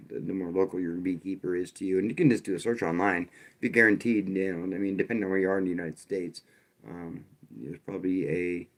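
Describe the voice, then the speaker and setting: A man hosting a live stream, talking loosely and casually, with frequent restarts and a wry, sarcastic edge. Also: sits low. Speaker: livestream host.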